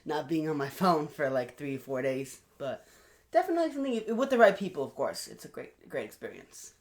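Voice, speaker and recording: A man co-hosting a casual podcast, upbeat and animated, with a lot of fillers. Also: a little high, a little fast. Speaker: podcast co-host. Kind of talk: casual chat.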